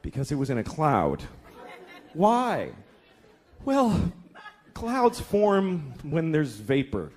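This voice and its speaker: A man's voice: a little high, huge pitch swings, slow, long pauses, darkish tone, some chatter behind, exaggerated voice. A man voicing his small daughter, who keeps asking why with insistent, repetitive questions. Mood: persistent.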